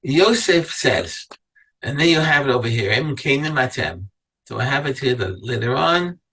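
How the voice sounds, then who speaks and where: A man's voice: medium pitch, animated, normal speed, sharp tone, slightly rough, far from the mic, rough recording. A man teaching a Torah class as a rabbi, reading verses aloud and then asking his listeners pointed questions. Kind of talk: Torah lecture to a live class.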